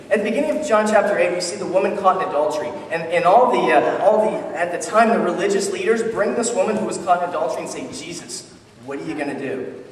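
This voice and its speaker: A male pastor preaching a sermon in a conversational, animated way, often restarting his sentences. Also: high voice, slight background noise. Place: church sanctuary. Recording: echoey church hall, distant mic.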